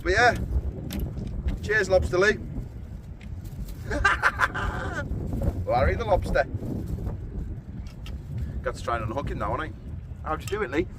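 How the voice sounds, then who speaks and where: A man's voice: on the high side, a little slow, pauses often, recorded from a distance, background noise. A man vlogging while fishing outdoors at night, joking, laughing often and talking to the camera. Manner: jokey, laughing often, excitable. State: cold. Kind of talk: casual outdoor chat to camera.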